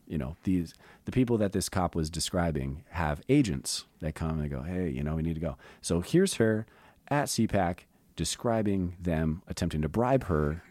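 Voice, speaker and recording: A man hosting a podcast, rambling in an animated, conspiratorial way in casual chat. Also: low voice, normal speed, no room sound. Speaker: podcast host.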